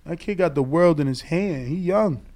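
High-voiced man in loose, profane chat. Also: normal speed. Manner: loose, profane, swings between mumbling and loud outbursts. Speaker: podcast co-host. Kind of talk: casual chat.

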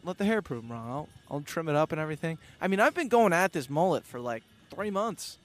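A young man in casual podcast chat, laughing and mocking himself in lively banter, recorded outdoors on a boat. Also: fairly high pitch, fast talker.

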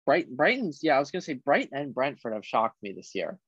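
A man co-hosting a casual sports podcast, running through league standings in a halting way with fillers. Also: medium pitch, very animated, fairly bright tone, breathy edge, no echo. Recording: dull lo-fi dry sound.

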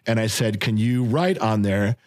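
A middle-aged man co-hosting a casual podcast, telling family stories with lots of swearing and acting out quotes in a raised, high voice. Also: moderate pace. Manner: animated storyteller, acts out shouted quotes in a high voice, swears freely. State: recovering from illness. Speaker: podcast co-host. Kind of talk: casual storytelling chat.

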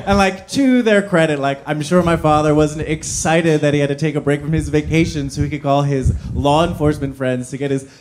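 A man from New Jersey telling a personal story live, self-deprecating and halting with many fillers. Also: a little high, steady tone, background noise.

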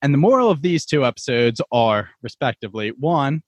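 A young man hosts a casual podcast in an upbeat, easygoing way. His voice sits at an ordinary pitch. The sound is dry and close, with no room around it. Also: sing-song, brisk, dry recording. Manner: upbeat, leads the discussion. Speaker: podcast host.

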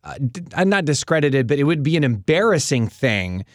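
A man in casual conversation who talks haltingly, with many restarts and fillers. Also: medium pitch, sing-song, no room sound, clean studio sound. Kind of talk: casual faith discussion.

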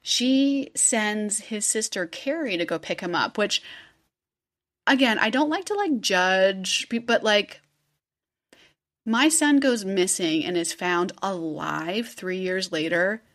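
A woman's voice: medium pitch, slow pace, a bit bright. A woman hosting a casual podcast, telling a true-crime story in a chatty way, swearing and acting out quotes.

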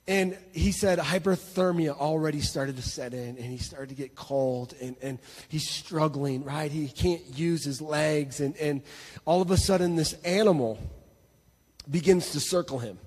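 Emphatic preacher with a husky voice. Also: male voice, on the high side, measured pace, long reverb tail. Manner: emphatic, repeats words, swings between loud and hushed. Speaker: pastor. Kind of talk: sermon storytelling. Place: church hall.

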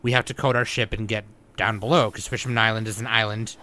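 A young man on a podcast recapping manga plot, animated and swearing a lot, acting out the characters' lines. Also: fairly low pitch, fast, a little hiss or hum. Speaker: podcast co-host. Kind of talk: casual podcast chat about manga.

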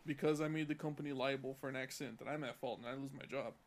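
A man's voice: mid-range voice, steady tone, rapid-fire. A young man from California on a casual podcast, telling a profane, heated story about work. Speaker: podcast co-host.

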